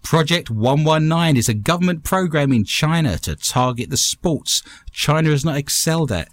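A man's voice: a little high, expressive, normal speed, dry recording. A man hosting a comedy podcast, joking around and reading out listener messages. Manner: jokey, reads listener messages aloud. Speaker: podcast host. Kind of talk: casual comedy chat.

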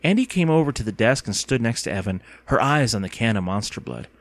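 A man narrating an audiobook with expressive storytelling. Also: mid-range voice, fast talker, no echo.

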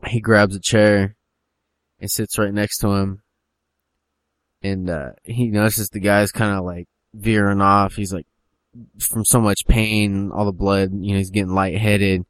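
Male storyteller, low voice, meandering delivery, dry recording. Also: flat delivery, a little slow, no room sound. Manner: rambling, full of fillers. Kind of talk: casual storytelling chat.

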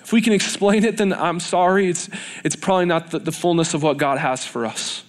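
A male preacher delivers a sermon in a church. His voice sits a little high for a man, and he talks earnestly, repeating phrases as he builds up intensity. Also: brisk.

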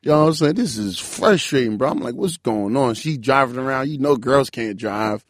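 A man in his twenties telling a story in loose casual chat, animated and full of "bro" and "like". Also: medium pitch, normal speed. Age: 20s. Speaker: podcast guest.

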